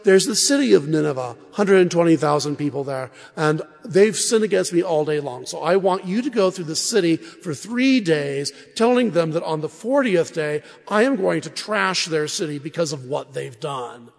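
A man's voice: fairly high pitch, expressive, moderate pace, gravelly, hardly any pauses, in a large hall. A man speaking as a casual, fatherly God. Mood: plain. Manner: casual, conversational.

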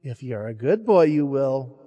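A man voicing a mother who gently coaxes her small son to share his toy. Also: mid-range voice, very animated, a little slow, big-room sound, highs cut off, pitched below the performer's own voice. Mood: coaxing. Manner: coaxing, gently firm.

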